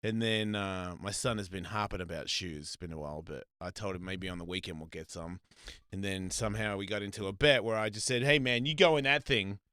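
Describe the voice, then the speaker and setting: Casting: male talk show host, bright tone, dry close studio sound, lively storyteller. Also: fairly low pitch, brisk, smooth, dry recording. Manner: animated storyteller, voice jumps up when acting out scenes. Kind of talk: casual chat.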